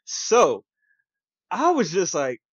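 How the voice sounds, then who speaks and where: On dry, dull, lo-fi podcast audio with no room sound, a young male co-host tells a story at a normal pace. His casual, slangy chat turns animated whenever he acts out quotes, his pitch jumping widely.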